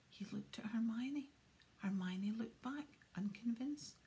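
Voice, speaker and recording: A woman's voice: a little high, slow, warm tone. Woman whispering a storybook reading. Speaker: audiobook reader.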